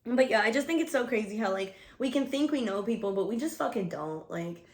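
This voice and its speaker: A woman with a fairly high, lively voice talks a little fast in a casual get-ready-with-me chat. She's a beauty vlogger, slangy and profane, and she laughs often as she gets ready.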